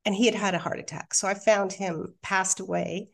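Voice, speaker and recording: A middle-aged woman, a podcast guest, telling a painful personal story with halting restarts, then reading her own poem. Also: medium pitch, fairly even intonation, gravelly, a bit bright. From Australia. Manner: candid, emotional, halting with restarts. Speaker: guest, hypnotherapist and coach.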